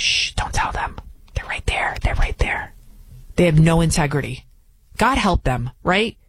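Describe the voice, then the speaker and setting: A woman's voice: medium pitch, low-quality recording. A woman hosting a political commentary show, delivering an indignant, emphatic opinion monologue full of repeated rhetorical questions.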